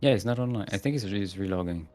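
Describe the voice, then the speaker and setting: A man casting a live strategy game, jokey and punny, often pausing with "uh". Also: lowish voice, darkish tone, soft background music. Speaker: esports caster.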